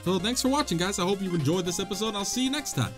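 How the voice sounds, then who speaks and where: Excitable young man with a lively voice. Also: sits high, very fast, over music. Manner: excitable, dramatic, jokey yelps and groans. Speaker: gaming channel host. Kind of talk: let's play commentary.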